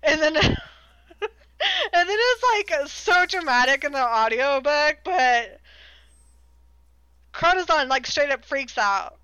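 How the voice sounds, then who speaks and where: A woman's voice: high voice, expressive, slow, pauses often, pushed and bright, no echo. A woman co-hosting a podcast, recapping a book in a giggly, rambling, sarcastic casual chat.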